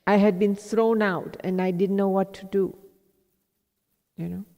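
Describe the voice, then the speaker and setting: A woman's voice: mid-range voice, fairly even intonation, measured pace, warm tone. A woman from India telling a personal story to a live audience as a spiritual teacher, reflective and self-mocking, quoting her own thoughts in asides. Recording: long hall reverb.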